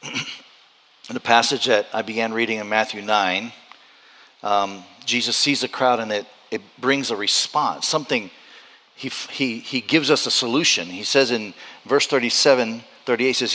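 A pastor preaching a sermon, repeating phrases as he builds to loud, urgent high points. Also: moderate pace, long reverb tail.

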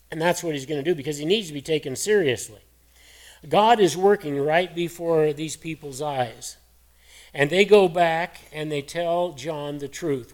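Hoarse folksy preacher, higher-pitched man. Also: moderate pace. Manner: folksy storytelling preacher, earnest and conversational. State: hoarse, voice cracking. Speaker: pastor. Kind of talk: sermon.

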